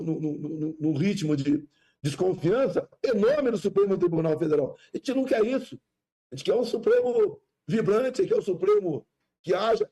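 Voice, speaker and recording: A man's voice: high voice, warm tone, slightly rough. A man making an emotional political speech, pleading and close to tears, heard in a clip played back on the show.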